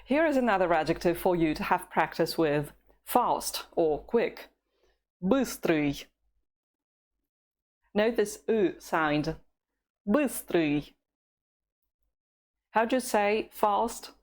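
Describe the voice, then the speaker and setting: A woman teacher with a Russian accent speaks at a very slow, careful pace in a slightly low voice. She teaches patiently and pauses often so that learners can repeat after her. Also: animated. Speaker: language teacher. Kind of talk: slow, clear language lesson with repeat-after-me drills.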